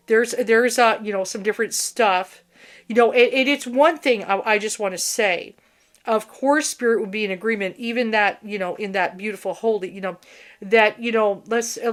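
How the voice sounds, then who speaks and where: A woman's voice: mid-range voice, fairly bright tone. A woman hosting a spiritual channel, talking in a rambling, blunt unscripted monologue with swearing and frequent restarts.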